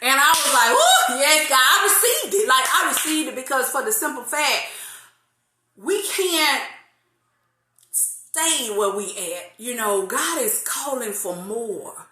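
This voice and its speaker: Woman, forties, faith talk host, casual, laughs often, lively, roomy echo. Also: high voice, slow pace. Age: 40s. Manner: lively, laughs often, drawls some phrases.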